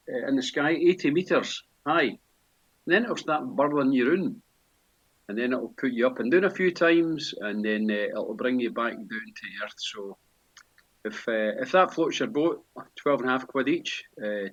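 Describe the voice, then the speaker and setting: A Scottish man in his sixties giving a relaxed, chatty walking-tour vlog, full of local slang with frequent pauses. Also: medium pitch, breathy edge, highs cut off. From Scotland. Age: 60s. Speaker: vlogger and tour guide. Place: outdoors on busy city streets and inside a pub. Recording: street noise and traffic behind.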